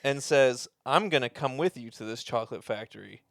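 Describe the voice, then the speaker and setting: Animated, profane man retelling a movie. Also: mid-range voice, a little fast, gravelly, no echo, studio quality. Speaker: podcast co-host. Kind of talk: casual chat.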